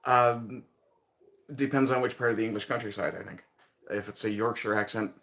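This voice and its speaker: A man's voice: on the low side, fairly even intonation, normal speed, a bit bright. A man from Newfoundland with a light Newfoundland accent, chatting casually with viewers on his livestream, rambling and chuckling as he thinks aloud. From Newfoundland, Canada. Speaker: livestream host.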